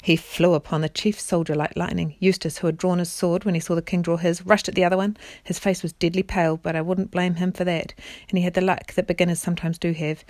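A parent reading a children's storybook aloud in a steady narrating voice, with small stumbles and the odd throat-clear. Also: female voice, fairly low pitch, fast, no echo, studio quality.

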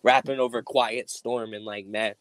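A man's voice: mid-range voice, fairly even intonation, normal speed, fairly bright tone. A man co-hosting a podcast, joking around in loose, slangy casual chat. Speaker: podcast co-host.

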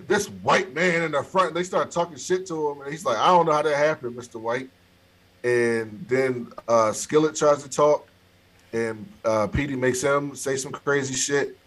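His voice is a little high, a bit bright, and husky. He's a podcast co-host giving a laid-back, scene-by-scene rundown of a film, swearing often and laughing his way through the story.

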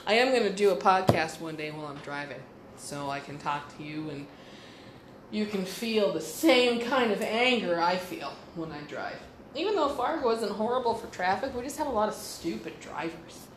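A woman's voice: medium pitch, expressive, normal speed, echoey room, a little hiss or hum, rough recording. A woman hosting a podcast, telling a story in a blunt, profane and sarcastic way. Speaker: podcast host. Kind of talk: casual storytelling monologue.

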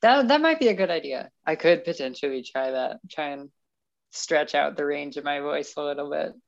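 A woman's voice: deep voice, normal speed, vocal fry, lo-fi sound. A woman co-hosting a casual chat, hesitant and full of fillers and restarts. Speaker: podcast co-host.

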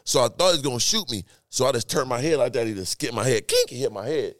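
Podcast guest, male, rapid storyteller, dry close sound, full of sound effects. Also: mid-range voice, lively intonation, no echo. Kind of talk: casual storytelling.

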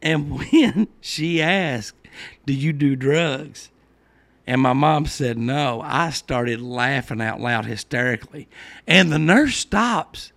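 A man's voice: medium pitch, animated, takes it slowly, gravelly, fairly bright tone. A middle-aged man hosting a casual podcast, telling rambling stories and laughing at his own jokes. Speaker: podcast host. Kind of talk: casual chat.

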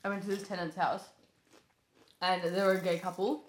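A woman's voice: on the low side, normal speed. A woman hosting a casual podcast chat, telling stories with lots of swearing and laughter. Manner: animated storyteller, swears freely, laughs often. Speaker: podcast host. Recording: echoey room.

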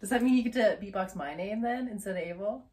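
A woman's voice: mid-range voice, quick pace, distant mic, a crowd in the background. A woman co-hosting a podcast, joking and teasing the guest with a mock-sulky manner. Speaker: podcast co-host. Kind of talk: casual podcast chat.

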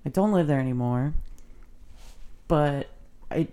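A woman's voice: deep voice, a little slow, dark tone. A woman co-hosting a podcast in casual chat among friends, swearing freely and laughing often. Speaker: podcast co-host.

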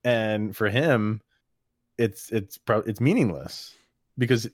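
A man's voice: lowish voice, takes it slowly, husky, dry recording, clean studio sound. A man chatting casually as a podcast co-host, rambling with many fillers and restarts. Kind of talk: casual chat.

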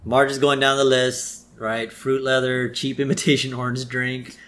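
A man's voice: mid-range voice, little pitch movement, normal speed, a bit bright. A man co-hosting a podcast, casually recapping a cartoon episode in a laid-back way with chuckles. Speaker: podcast co-host.

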